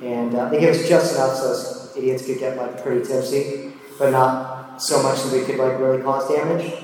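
A man's voice: medium pitch, level tone, normal speed, background noise. A man in his thirties or older telling a personal story in a casual, self-deprecating way, with many fillers. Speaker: speaker sharing his drinking story. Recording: echoey hall from far off.

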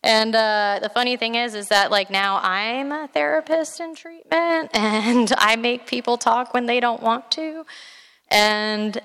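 A woman's voice: a little high, measured pace, fairly bright tone, clean tone, big-room sound. Candid woman sharing her recovery story. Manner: candid, rambling, many filler words. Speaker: recovery speaker and addiction therapist.

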